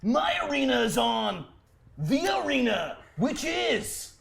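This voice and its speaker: A man's voice: extremely high pitch, very animated, takes it slowly, vocal fry, a bit bright, heavily acted. A man voicing a regal, foul-mouthed young queen in a comic script read-through, declaiming grandly and swearing. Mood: defiant.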